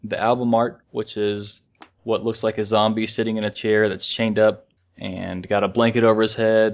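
A man co-hosting a casual fan podcast, rambling in a relaxed way, with restarts and chuckles. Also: fairly low pitch. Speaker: podcast co-host.

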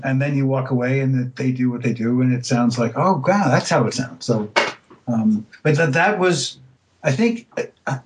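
A man's voice: medium pitch, low-quality recording. Hesitant man telling stories in an interview. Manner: hesitant, many fillers and restarts; relaxed storytelling, laughs easily. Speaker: voice actor, interview guest. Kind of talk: casual interview chat.

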